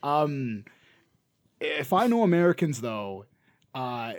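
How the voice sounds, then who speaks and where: A man's voice: mid-range voice, lively intonation, normal speed, a little mellow. A man with a Canadian accent co-hosting a podcast in casual chat, rambling and restarting his sentences. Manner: rambling, restarts often, laughs between remarks. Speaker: podcast co-host.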